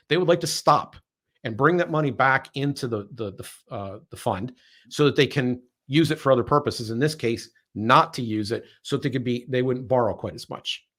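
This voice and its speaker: A male podcast host delivering political commentary with heavy sarcasm. His voice sits at an ordinary middle pitch, and he leans hard on emphasis, repeating phrases as he winds himself up. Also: fairly bright tone. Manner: sarcastic, emphatic, repeats words when building a point.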